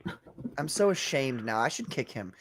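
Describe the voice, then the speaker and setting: A man's voice: medium pitch, very animated, moderate pace, over a noisy crowd. A man hosting a casual livestream chat, joking, laughing often and reading viewer comments aloud. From Maryland. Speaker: host.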